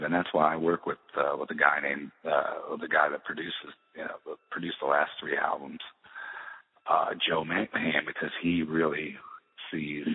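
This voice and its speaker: A middle-aged musician talking in a casual interview, rambling with many restarts and fillers. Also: male voice, extremely low pitch, slightly rough. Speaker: musician guest. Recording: tinny phone-like roomy sound.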